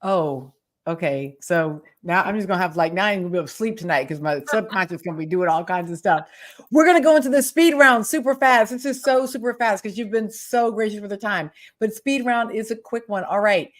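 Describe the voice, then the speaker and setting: A woman hosting a casual interview, chatty and laughing often, with warm effusive thanks. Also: medium pitch, a little fast. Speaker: host and interviewer.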